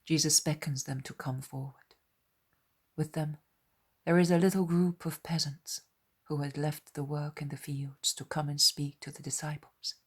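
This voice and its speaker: A woman reader narrating a devotional audiobook in a soft, measured unvoiced whisper. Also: deep voice, level tone, husky.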